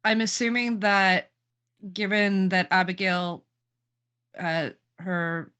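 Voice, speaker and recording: A woman's voice: medium pitch, little pitch movement, slow pace, fairly bright tone, clean tone. A woman playing a tabletop role-playing game, reasoning aloud and asking the storyteller about details. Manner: reasoning aloud, thoughtful questions. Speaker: player. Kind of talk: casual tabletop play.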